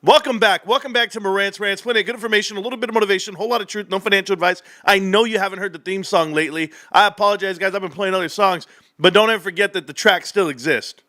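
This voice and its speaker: Man, middle-aged, high voice, bright tone, livestream host, animated, jokey. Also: racing. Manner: animated, joking, talks to chat directly. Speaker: stock market livestream host. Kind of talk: casual livestream rant.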